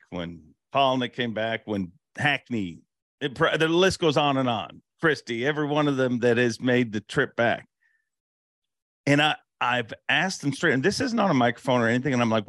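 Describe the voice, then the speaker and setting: A man hosting a casual interview chat, asking relaxed questions of a guest. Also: mid-range voice, dry recording, studio quality. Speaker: interview host.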